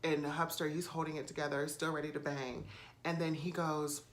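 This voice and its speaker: A woman's voice: deep voice, flat delivery, normal speed, slight background noise. A woman vlogger recording on a phone camera at home, telling a story casually with lots of fillers and swearing. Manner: chatty, swears freely, many fillers.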